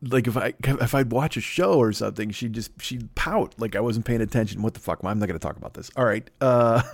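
A man hosting a comedy podcast who rambles through a foul-mouthed rant, cutting himself off and restarting as he goes. His pitch sits in the middle range for a man. The sound is dry and close, with no room echo. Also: fairly quick, vocal fry, few pauses. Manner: rambling, heavy swearing, self-interrupting. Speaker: podcast host.

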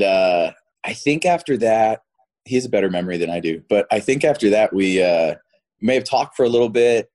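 A man's voice: lowish voice, darkish tone. A man in his thirties, an actor guest in a casual interview, rambling and repeating words as he talks, often laughing.

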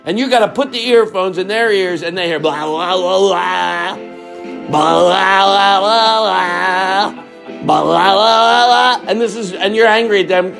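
A man's voice: high-pitched, expressive, normal speed, gravelly, fairly bright tone, faint music behind. A man hosting a comedy podcast, rambling and repeating lines for laughs. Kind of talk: rambling comic monologue.

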